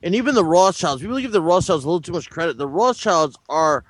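A man's voice: a little high, lively intonation, fast. A man hosting a radio talk show in a casual way, stammering and repeating words.

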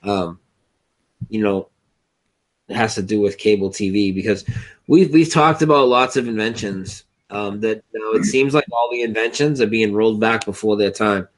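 A man's voice: lowish voice, moderate pace. A man co-hosting a casual online show, rambling with restarts, swearing freely in disbelief. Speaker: co-host.

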